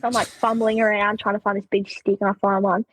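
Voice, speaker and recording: A young Australian woman telling stories as a podcast guest, animated, laughing often and saying "like" a lot. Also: medium pitch, fast talker, slight background noise, poor audio. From Queensland, Australia. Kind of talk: casual storytelling.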